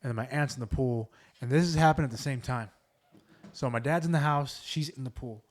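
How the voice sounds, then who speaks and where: Dude hosting a podcast, rambly ghost story telling, lots of likes and um's. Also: male voice, medium pitch, fairly quick, a little hiss or hum. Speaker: podcast host. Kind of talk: casual storytelling chat.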